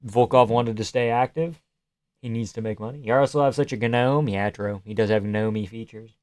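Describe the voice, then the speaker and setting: Reading out messages from viewers, this live streamer jokes around in his replies and occasionally drops almost to a whisper. He has a smooth, slightly mellow mid-range voice at normal speed.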